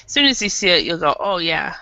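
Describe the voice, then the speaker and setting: A woman teaching an English class over a video call, explaining patiently and slowly with many fillers. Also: lowish voice, very animated, vocal fry, pushed and bright, no room sound. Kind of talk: online English lesson. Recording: dull lo-fi video call audio.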